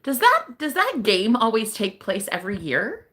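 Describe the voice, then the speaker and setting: A young woman hosts a relaxed livestream and talks straight to her viewers. Her pitch jumps all over the place, and she keeps breaking into laughter. She swears now and then in a loose, chatty way. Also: moderate pace. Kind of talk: casual livestream chat.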